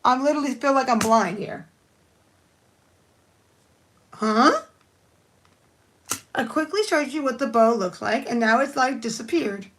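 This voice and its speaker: A woman's voice: sits high, expressive, a little slow, pauses often, fairly bright tone. A woman chatting casually on a live stream while doing her nails, rambling and thinking aloud as she works. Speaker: nail art livestreamer.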